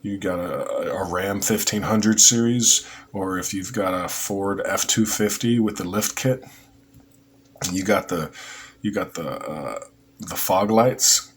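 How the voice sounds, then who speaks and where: A man voicing a swaggering southern good-old-boy vigilante with a Southern US accent, loud and boastful. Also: deep voice, a little hiss or hum.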